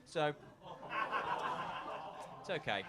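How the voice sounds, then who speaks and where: A young man with an Australian accent doing a loose, chatty stand-up comedy set at a live venue, full of fillers and asides to the crowd. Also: extremely slow.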